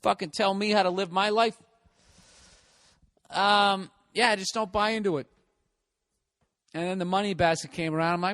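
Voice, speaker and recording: A man's voice: high-pitched, expressive, fairly quick, pauses often, fairly bright tone. A male comedian in a profane, exasperated comedic rant.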